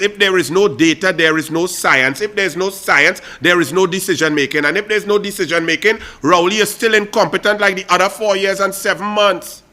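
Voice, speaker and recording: A man's voice: on the high side, pushed and bright. A man with a Trinidadian accent hosting a political talk show, delivering a fiery, mocking commentary monologue straight to his listeners.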